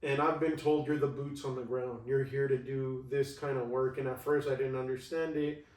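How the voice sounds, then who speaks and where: A man with a mid-range voice talks in a relaxed, casual way, often tagging his thoughts with a quick "right?". He sits some distance from the microphone, and the room adds a clear echo. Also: mid-range voice. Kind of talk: casual conversation. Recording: roomy, distant mic.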